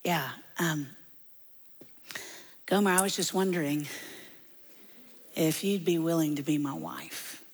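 A woman's voice: low-pitched, slow, vocal fry, long pauses, slightly rough, exaggerated voice. A shy, polite young man, as a woman preacher plays him, stumbling earnestly over his words. His voice sounds through a large hall with a long echo. It is a story told inside a sermon. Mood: nervous. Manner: hesitant, polite.

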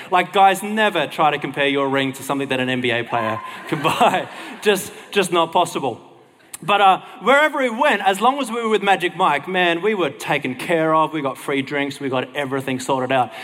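Man, casual storyteller, lively, fairly high voice, long hall reverb. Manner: animated, acts out the people in his story.

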